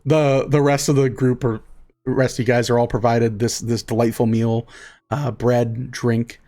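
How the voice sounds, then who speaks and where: A man's voice: medium pitch, little pitch movement, unhurried, mellow. Man narrating as game master. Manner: casual, filler-heavy narration with many "like"s.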